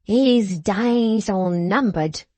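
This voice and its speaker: A woman's voice: mid-range voice, darkish tone, no echo. A woman voicing a haughty, jealous young male apprentice who speaks in a lofty, melodramatic way. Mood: haughty, menacing. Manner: lofty, melodramatic, slow and emphatic.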